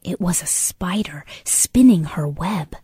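A woman reading a children's bedtime story aloud, narrating slowly and often in a soft half-whisper. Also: fairly low pitch, animated, husky, no echo, studio quality.

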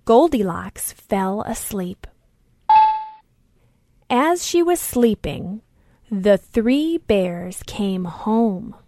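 A woman reading a children's story aloud, slowly and deliberately. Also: mid-range voice, animated, mellow.

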